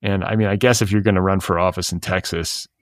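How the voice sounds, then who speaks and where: A man's voice: sits low, fairly even intonation, fast, no room sound, clean studio sound. A middle-aged man co-hosting a podcast in casual chat, wry and rambling with lots of filler words. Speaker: podcast co-host.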